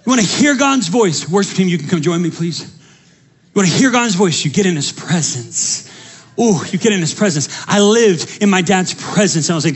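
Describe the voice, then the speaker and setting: A young man with a high voice preaches to his congregation. He tells quick, lively personal stories, then rises into fervent appeals. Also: husky. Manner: energetic storytelling, rising to preaching fervor. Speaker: pastor.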